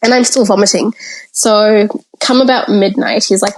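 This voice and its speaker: Aussie woman, podcast guest, candid storytelling, middle pitch, talks in present tense. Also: steady tone, normal speed, low-quality recording. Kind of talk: personal storytelling in conversation.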